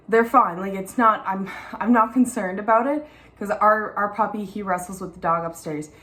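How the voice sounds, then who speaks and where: A young mother chatting candidly to camera at home. She talks in a lively, unfiltered way and her voice sits at an ordinary medium pitch. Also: a little hiss or hum. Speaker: mom vlogger. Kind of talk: casual talk to camera. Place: at home, in the garden.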